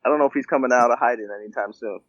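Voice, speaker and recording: A man's voice: mid-range voice, very fast, a bit bright, dry recording. A man, a guest in a casual chat, who laughs often and swears freely. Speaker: guest battle rapper. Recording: muffled lo-fi audio.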